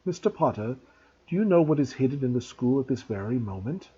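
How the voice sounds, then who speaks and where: A man voicing a calm, grave young male centaur in a measured, solemn way, on a dull lo-fi recording. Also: medium pitch, slight background noise, close to an everyday voice.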